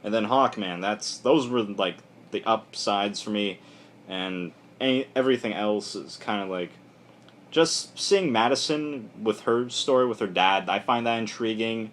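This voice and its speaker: A man's voice: fairly low pitch, measured pace, slight background noise. A young man giving a casual, rambling spoken review with frequent fillers and restarts. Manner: rambling, loose and offhand, lots of "like" and restarts. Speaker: comic book reviewer.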